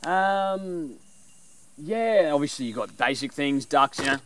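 A man casually explaining animal calls in a rambling, relaxed way with lots of fillers. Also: medium pitch, normal speed, no room sound. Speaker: bushcraft vlogger.

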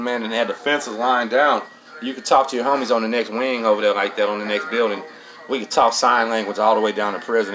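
A man's voice: on the low side, a bit bright, slight background noise, poor audio. A middle-aged man hosts a casual storytelling monologue, streetwise and profane, dropping "man" into nearly every line. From Texas. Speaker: host.

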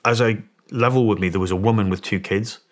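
A middle-aged English man, a former soldier appearing as a podcast guest, tells a story with animation and acts out the voices of the people in it. He speaks British English in a fairly low voice, a little fast.

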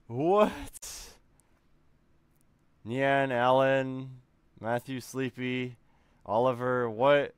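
A man streaming live, reacting in excited disbelief with lots of repeated exclamations. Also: medium pitch, extremely slow, long pauses, clean tone, no echo. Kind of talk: casual live-stream chat.

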